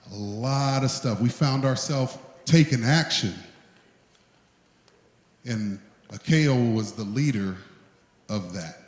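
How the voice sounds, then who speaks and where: A man's voice: fairly low pitch, a little mellow. A man hosting an event gives an emotional tribute speech, talking in a heartfelt, plain-spoken way. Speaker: event host. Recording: echoey hall.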